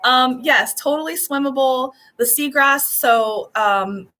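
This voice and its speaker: Chatty woman live-streaming from a resort, bright and a bit high, rambles and laughs a lot. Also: takes it slowly. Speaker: travel agent hosting a live stream. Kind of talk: casual live-stream chat. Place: resort suite by the beach.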